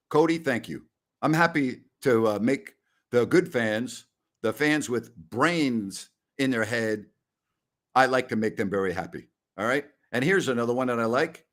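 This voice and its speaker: A man's voice: mid-range voice, animated, moderate pace. A middle-aged man hosting a live-stream post-game show, talking in a blunt, ranting and scornful way. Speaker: sports show host.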